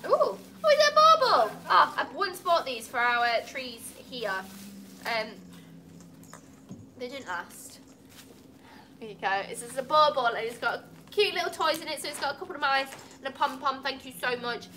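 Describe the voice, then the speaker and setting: A woman's voice: sits high, moderate pace, pauses often, pushed and bright, a little hiss or hum. A woman opening gifts at a cat cafe, chatting casually and cooing at the cats. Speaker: cat cafe staff member.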